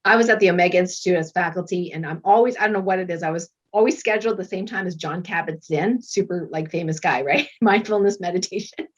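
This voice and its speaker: Husky-voiced middle-aged woman telling stories. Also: on the low side, fast talker. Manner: lively storyteller who acts out quoted voices and laughs often. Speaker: guest, medical doctor and author. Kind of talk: casual interview chat. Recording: dull lo-fi recording.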